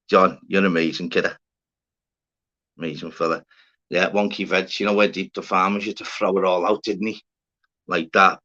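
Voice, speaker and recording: A livestream host with a low-pitched voice that sounds pushed and bright rambles casually, swearing and bantering with viewers in chat. The stream audio is dull and lo-fi.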